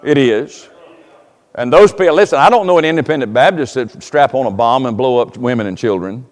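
A man preaching a sermon as pastor, telling folksy stories and rising to loud, emphatic preaching. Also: mid-range voice, brisk, big-room sound. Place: church sanctuary.

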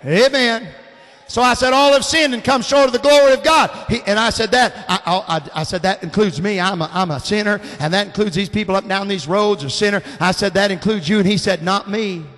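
A man's voice: sits high, a little fast. A man in his fifties preaching a sermon in a folksy, fervent style, telling stories and calling out amens. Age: 50s. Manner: folksy Southern preaching, rising to fervent shouts. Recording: long hall reverb.

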